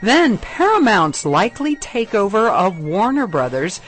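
Reading headlines, weather alerts and station IDs from a script, a local public radio newscaster keeps a measured, clear studio delivery. The mid-range voice moves through big pitch swings and has a fairly bright tone.

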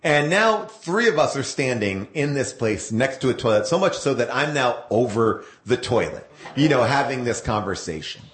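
A man's voice: medium pitch, big pitch swings, moderate pace, few pauses, a bit bright, echoey room. A man telling a long anecdote as a guest, rambling with fillers and self-corrections. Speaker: actor telling a story as a guest.

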